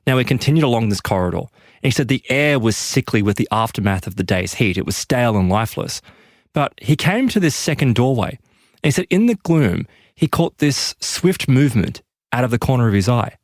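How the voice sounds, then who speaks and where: A man's voice: lively intonation, fairly quick, no echo, clean studio sound. A man hosting a podcast, narrating an eerie story with dramatic emphasis. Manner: dramatic, emphatic pitch lifts. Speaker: podcast host.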